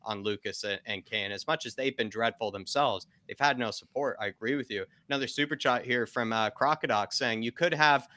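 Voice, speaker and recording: A man hosting a live football watchalong, chatting with co-hosts and reading out viewer messages in a measured, conversational way. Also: fairly low pitch, bright, forceful tone. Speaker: host of a fan watchalong. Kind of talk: live match chat reading super chats.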